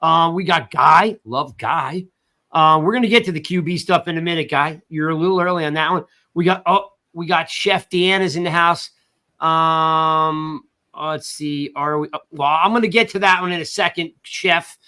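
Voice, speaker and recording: Animated high-voiced sports show host. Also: male voice, normal speed. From South Jersey. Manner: animated, reads chat shout-outs. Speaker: podcast host. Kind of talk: casual sports talk livestream.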